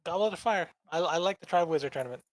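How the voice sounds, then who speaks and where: A man co-hosting a podcast, making deadpan, teasing remarks in casual chat. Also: fairly high pitch, fast talker, no room sound, rough recording. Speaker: podcast co-host.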